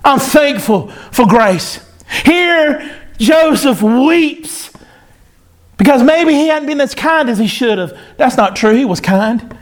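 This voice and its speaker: A man preaching a sermon to his church, fervent and repetitive, with folksy phrasing and sudden loud bursts. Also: very high voice, animated, takes it slowly. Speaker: pastor.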